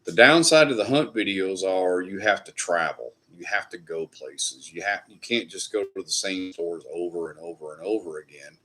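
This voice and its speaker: Easygoing man, lowish voice. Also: moderate pace, hardly any pauses, pushed and bright. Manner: loose, rambling, swears casually. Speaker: livestream host. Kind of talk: casual live chat reading comments.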